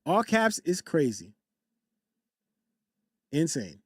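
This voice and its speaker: Male streamer, high voice, dry close sound; casual slangy chat-reader who repeats himself and shouts out viewers. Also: big pitch swings, drawn-out words, breathy edge, no echo. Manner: loose slangy banter, repeats phrases, frequent shout-outs. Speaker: livestream host. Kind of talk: casual livestream commentary, reading chat aloud. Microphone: desktop USB condenser mic.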